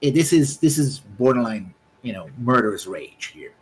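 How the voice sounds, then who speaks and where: A man's voice: medium pitch, expressive, moderate pace, breathy edge, low-quality recording. A man running a tabletop game, describing scenes in a rambling way with many restarts. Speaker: game master.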